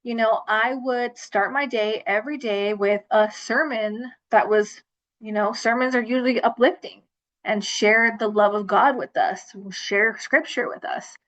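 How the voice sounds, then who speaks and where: A woman's voice: on the high side, fairly even intonation, unhurried, fairly bright tone. Woman host on a lo-fi livestream, chatty and rambling, everyday speaking voice. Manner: chatty, rambling, with many fillers. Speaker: self-love coach hosting a livestream. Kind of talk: casual livestream talk.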